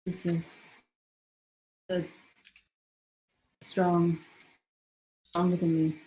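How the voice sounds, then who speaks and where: A player in a tabletop role-play, talking quickly and chattily. The voice sits at a middling pitch and jumps in often with short reactions. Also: monotone, mellow, rough recording.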